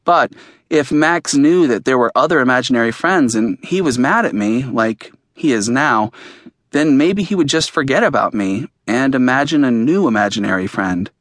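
A man's voice: mid-range voice, expressive, normal speed, fairly bright tone, no room sound, clean studio sound. A man narrating an audiobook in the first person, in a plain, earnest storytelling manner.

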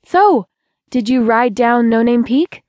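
A woman reading an audiobook voices a flustered young woman who speaks in a nervous, clipped way, lifting her voice higher than her narration. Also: animated, slow pace, darkish tone, dry recording. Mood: guarded.

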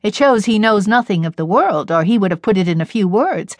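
Woman voicing a haughty middle-aged mother, brisk and disparaging, dry close sound, storybook figure. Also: mid-range voice, animated, no echo, close to an everyday voice. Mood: impatient.

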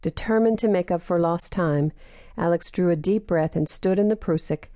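A woman narrating a novel as an audiobook, reading in a steady, even manner. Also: on the low side, moderate pace, no echo, studio quality. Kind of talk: scripted narration.

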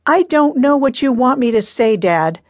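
A woman's voice: high voice, expressive, moderate pace, darkish tone, no echo, pitched above the performer's own voice. A woman narrator voicing a defensive, upset teenage daughter in an audiobook, pleading her case. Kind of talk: audiobook character reading.

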